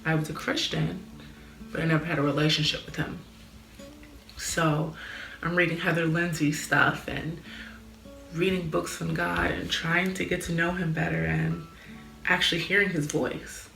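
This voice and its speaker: A woman's voice: low-pitched, level tone, moderate pace, creaky, pauses often, pushed and bright, reverberant, faint music behind. A young woman sharing a personal faith testimony in a candid, earnest way, with lots of "like". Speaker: vlogger.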